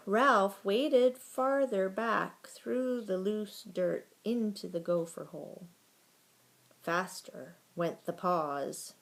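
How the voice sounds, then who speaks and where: Slow-reading woman storyteller. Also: mid-range voice. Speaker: reader. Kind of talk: children's book read aloud.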